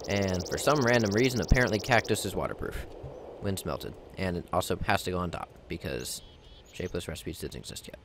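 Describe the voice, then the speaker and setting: A let's play gamer with a deep voice talks at a moderate pace over some background noise. He gives casual gameplay commentary, rambling and poking fun at himself as he talks his way through crafting.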